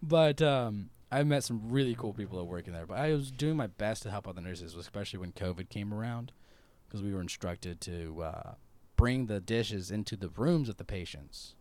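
A young man chatting casually as a podcast guest, telling animated stories and laughing often. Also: fairly low pitch, moderate pace, dry recording. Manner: animated storyteller, laughs often, acts out quotes. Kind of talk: casual chat.

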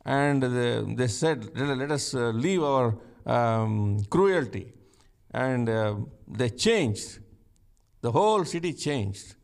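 A man's voice: mid-range voice, expressive, takes it slowly, darkish tone, clear, resonant tone. A man preaching a conversational sermon, asking rhetorical questions and chuckling now and then.

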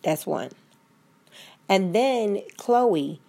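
A woman's voice: medium pitch, lively intonation, drawn-out words, gravelly, mellow. A woman giving a blunt, profane, preachy rant straight to her listeners in casual podcast style. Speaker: commentator.

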